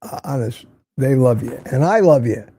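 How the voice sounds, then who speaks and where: Older man, gravelly, teasing livestream host. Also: mid-range voice, animated, normal speed, mellow. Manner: reads viewer comments aloud, teasing and chatty. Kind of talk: casual livestream chat. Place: home in Florida.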